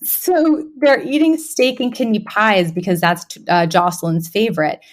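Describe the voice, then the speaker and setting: A woman co-hosting a podcast in casual chat, animated, laughing often and acting out quoted lines. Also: medium pitch, normal speed. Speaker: podcast co-host.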